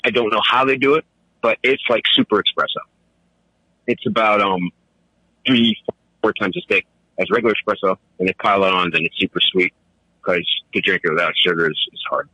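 Bright-voiced man telling animated stories. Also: fairly quick, long pauses, no echo, rough recording. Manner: animated, laughing, swinging into high voices for quotes. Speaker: caller. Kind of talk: casual storytelling.

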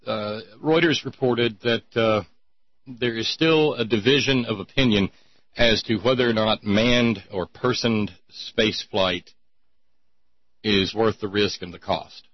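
Sardonic rambling man, husky voice. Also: lowish voice, takes it slowly, no echo, highs cut off. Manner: rambling, sardonic, with many restarts. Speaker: talk show host. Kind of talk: casual call-in show banter.

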